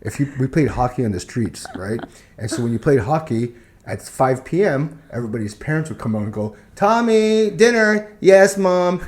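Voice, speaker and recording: Animated man telling stories. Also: mid-range voice, fairly quick. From Canada. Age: middle-aged. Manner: animated, acts out family voices in anecdotes. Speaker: guest comedian. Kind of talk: casual storytelling.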